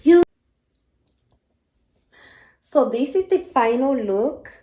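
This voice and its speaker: A woman's voice: high-pitched, slow pace, a little mellow. A woman hair care vlogger talking casually and playfully to her viewers. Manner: playful, addresses viewers directly. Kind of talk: casual vlog talk. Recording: roomy echo.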